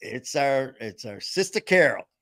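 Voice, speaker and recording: A man's voice: mid-range voice, sing-song, unhurried, a bit bright, no room sound, studio quality. A man hosting a casual live-stream chat, rambling and jokey, acting out quotes as he tells stories. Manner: jokey, rambling storyteller who acts out quotes. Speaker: host.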